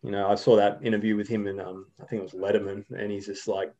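Young aussie guy, lowish voice, rambly with lots of ums. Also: little pitch movement, quick pace, mellow, dull audio. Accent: Australian. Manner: rambling, many fillers and restarts. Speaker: guest, video creator. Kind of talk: casual interview chat.

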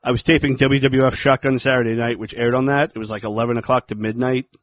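Fast-talking, swearing man on a podcast. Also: medium pitch, steady tone, dry recording. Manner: rambling, profane, joking. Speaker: podcast co-host. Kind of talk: casual film commentary chat.

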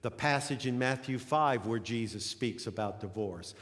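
Pastor preaching in an echoing sanctuary. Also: male voice, mid-range voice, moderate pace, a bit bright. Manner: storytelling, rising to emphatic peaks. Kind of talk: sermon. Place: church sanctuary. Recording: long hall reverb.

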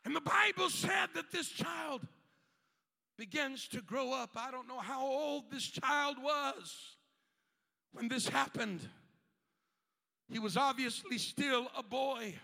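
High, gravelly preacher in a reverberant church. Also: male voice, takes it slowly, pauses often. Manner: emphatic preaching that rises to shouts, with frequent "uh" fillers between phrases. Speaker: pastor. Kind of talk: sermon. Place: church sanctuary. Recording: long reverb of a large church hall.

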